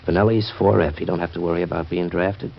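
A stubborn working-class man with a husky, low voice and slangy, tough street talk. The 1940s radio acting comes through a dull, lo-fi old radio recording. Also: steady tone, fast, heavily acted.

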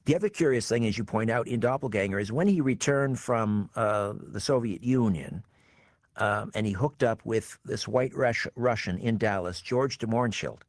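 A man interviewing a guest, measured and curious. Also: fairly low pitch, no room sound, studio quality. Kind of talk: interview questions.

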